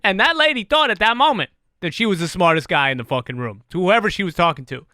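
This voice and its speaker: A middle-aged man hosting a podcast, talking in an animated, profane, self-deprecating casual chat. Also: high-pitched, quick pace, no echo, studio quality. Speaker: podcast host.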